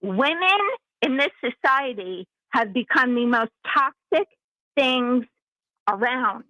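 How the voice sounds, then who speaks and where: Female caller, slightly high voice, forceful and emphatic, dry sound. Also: lively intonation, slow pace, no room sound, rough recording. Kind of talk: call-in commentary.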